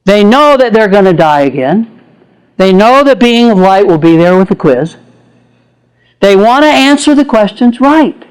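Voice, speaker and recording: An older man, a psychologist, giving an animated storytelling lecture. He laughs often and acts out the quotes in his stories. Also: high-pitched, a little slow, clean tone, poor audio.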